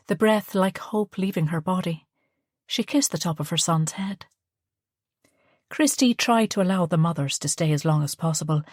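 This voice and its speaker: Female audiobook narrator, lowish voice, measured delivery, dry close sound. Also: darkish tone, no room sound. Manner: measured storytelling. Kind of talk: scripted narration.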